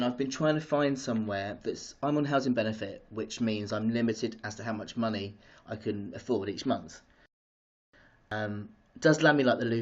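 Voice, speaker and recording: An excitable man talks to his viewers on a live stream, bursting with energy and wandering off topic. His voice sits at an ordinary pitch for a man. The sound is dull and lo-fi, like a streaming device mic. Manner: excitable, chatty, greets viewers and goes off topic. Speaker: vlogger hosting a live stream. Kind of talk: casual live-stream chat.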